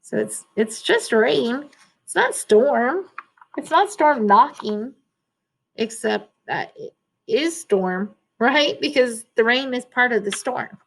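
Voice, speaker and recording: A woman reading a children's storybook aloud, pausing to explain words and ask the listeners questions. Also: a little high, animated, vocal fry, slightly rough.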